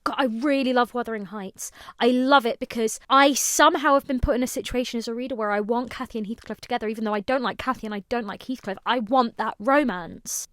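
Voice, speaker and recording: A woman's voice: fairly high pitch, no room sound, studio quality. A woman in her late twenties, a book content creator, giving an earnest, emotional book review while tired. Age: late 20s. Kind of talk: casual book review to camera.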